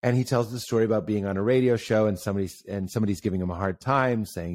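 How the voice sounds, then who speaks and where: A man in casual conversation who tells stories with animation, often jumps up in pitch for emphasis and acts out the voices he quotes. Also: rapid-fire, hardly any pauses, a little mellow, no echo.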